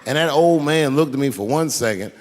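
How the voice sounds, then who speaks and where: A man doing stand-up comedy, telling a story in an animated, profane way. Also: mid-range voice, fairly quick, in a large hall.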